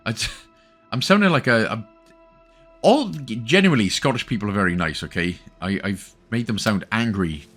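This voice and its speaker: A man's voice: medium pitch, fairly bright tone. A Welsh man hosting an achievement guide, talking chattily with joking asides. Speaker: gaming channel host. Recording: faint game music behind.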